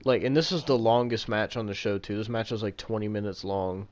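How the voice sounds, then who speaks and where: A man's voice: on the low side, brisk, a little mellow, a little hiss or hum. A man co-hosting a podcast in casual chat, ranting in an exasperated, profane way about a wrestling match. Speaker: podcast co-host.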